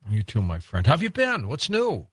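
A man's voice: medium pitch, huge pitch swings, fairly quick, a bit bright, breathy edge, dry recording. A man hosting a late-night radio talk show, genial and chatty, laughing easily with his guests.

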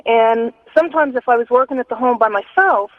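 Calling into a radio show over a phone line, a woman from North Carolina tells a ghost story in a chatty way, laughing easily. Her voice is on the high side and fairly quick.

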